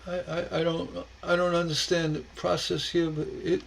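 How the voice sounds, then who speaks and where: A man's voice: a little high, flat delivery, moderate pace, creaky, a bit bright, slight background noise, rough recording. A man hosting a casual stained glass livestream, rambling and chuckling as he reacts to viewers' posts, often stammering and repeating words.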